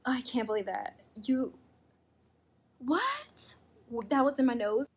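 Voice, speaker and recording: Young woman vlogger, high airy voice, slow talker, gasps and whispers a lot. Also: big pitch swings, husky. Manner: gasping, exclaiming, often dropping to a whisper. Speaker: YouTuber. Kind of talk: casual vlog narration while doing a skincare test.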